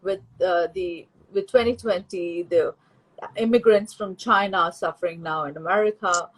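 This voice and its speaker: A woman hosts a relaxed interview in a husky voice. She talks in a measured way and fills her sentences with "you know.". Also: lowish voice, rough recording. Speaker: host. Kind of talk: casual interview conversation.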